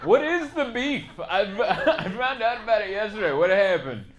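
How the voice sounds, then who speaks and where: A man doing a stand-up comedy set on stage, chatty and self-mocking, breaking into loud put-on bits. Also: high-pitched, lively intonation, moderate pace, muffled recording, a crowd in the background. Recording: live club audience noise.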